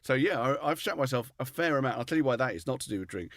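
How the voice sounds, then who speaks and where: A man's voice: medium pitch, expressive, fast talker, fairly bright tone, dry recording, clean studio sound. A man co-hosting a comedy chat, telling frank, self-deprecating stories in a chatty way. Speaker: podcast co-host.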